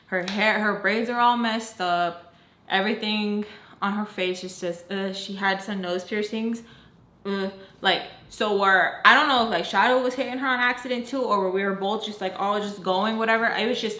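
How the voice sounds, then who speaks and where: Woman vlogger, storytime chat, animated and profane, mid-range pitch, roomy sound. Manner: animated, heavy filler "like", swears; talks while doing her makeup. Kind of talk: storytime vlog.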